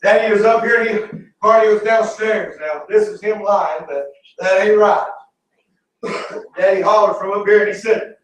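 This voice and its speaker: A Southern man in his thirties preaching a folksy, story-filled sermon with shouted bursts, heard from a distance in a church sanctuary. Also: high-pitched, normal speed, heavy reverb. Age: 30s. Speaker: pastor. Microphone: distant from the mic.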